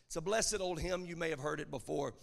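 A man preaching a sermon, emphatic and rising to shouted lines. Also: fairly high pitch, fairly quick, vocal fry, big-room sound. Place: church.

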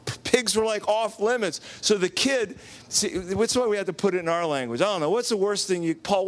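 A high-pitched man preaching in a church in a loose, conversational way. He acts out the characters' lines and keeps turning to the congregation with questions. His voice jumps up when he plays the shocked listeners. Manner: animated, acts out quotes, asks the congregation questions. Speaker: pastor. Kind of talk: casual sermon storytelling.

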